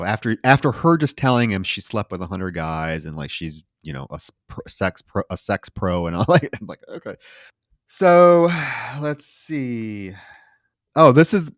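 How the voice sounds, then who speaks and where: A man on a film podcast, casually retelling scenes in lively, profane detail. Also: lowish voice, dry recording, studio quality.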